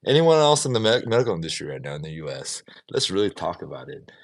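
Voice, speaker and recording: Low-voiced man ranting on a livestream. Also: sing-song, fast. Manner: opinionated, ranting, mocking voices, swears. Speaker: livestream vlogger. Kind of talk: casual livestream rant.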